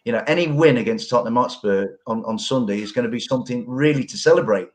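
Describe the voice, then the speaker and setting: A man with a mid-pitched voice talks football as a podcast guest. He rambles earnestly, with colourful phrasing and plenty of restarts. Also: fast talker, darkish tone. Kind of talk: casual football podcast chat.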